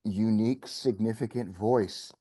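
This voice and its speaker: A man's voice: lowish voice, measured pace, dark tone. A man chatting casually as a podcast guest, rambling and correcting himself as he thinks aloud.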